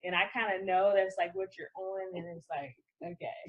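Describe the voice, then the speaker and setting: Husky, chatty woman co-host. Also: medium pitch, steady tone, brisk, dull audio. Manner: chatty and giggly, full of fillers. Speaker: co-host of a dating talk show. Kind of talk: casual chat.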